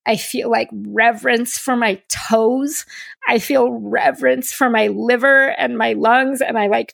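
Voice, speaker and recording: Gravelly-voiced woman telling her story. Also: on the high side, unhurried, no room sound, clean studio sound. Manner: earnest, animated, acts out her own inner voices. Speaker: podcast host. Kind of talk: candid personal storytelling.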